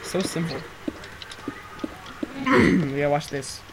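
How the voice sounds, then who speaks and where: A teenage boy chatting casually while gaming with a friend, excitable and quick to shout, his throat sore from screaming. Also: fairly high pitch, noisy background. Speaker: gameplay commentator. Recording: loud keyboard typing and clicks.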